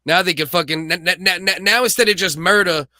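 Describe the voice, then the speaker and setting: A man's voice: sits high, fairly quick, bright, forceful tone, no echo. A man hosting a podcast, joking and teasing his co-host in crude, profane casual chat.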